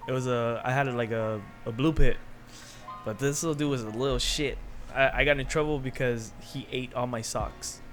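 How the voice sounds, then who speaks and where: A young man in casual podcast chat, laughing through his stories and cursing freely. His pitch sits in an ordinary middle range. Faint music plays under the talk. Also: fairly even intonation, moderate pace. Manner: laughing storyteller, swears freely. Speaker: podcast co-host.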